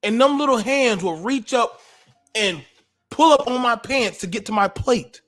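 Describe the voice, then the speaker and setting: A man, hosting a livestream and delivering an emotional, preachy monologue that rises to shouts. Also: very high voice, animated, measured pace, faint music behind. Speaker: podcast host.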